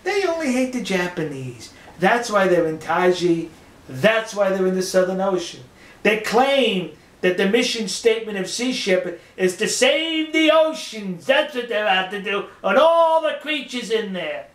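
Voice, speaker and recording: A man, speaking, delivers a mocking, emphatic opinion rant to his viewers, stressing words slowly. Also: sits high, sing-song, a bit bright, roomy sound. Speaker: video commentator. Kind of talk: ranting opinion monologue.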